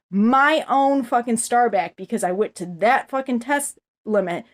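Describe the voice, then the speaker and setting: A woman ranting angrily to the camera, rambling and swearing constantly as she vents. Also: a little high. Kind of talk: angry profane rant to camera.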